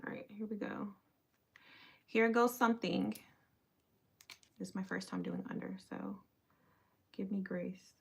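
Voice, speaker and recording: A woman's voice: medium pitch, fairly even intonation, a little slow, vocal fry, pauses often, husky. A young adult woman chatting casually with viewers on a livestream while doing her makeup.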